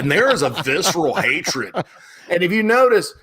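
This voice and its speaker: A middle-aged man chats casually as a sports talk host. His voice sits a bit high and bright, with a forceful edge. He tells stories in an animated, rambling way and restarts his sentences often. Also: normal speed, husky.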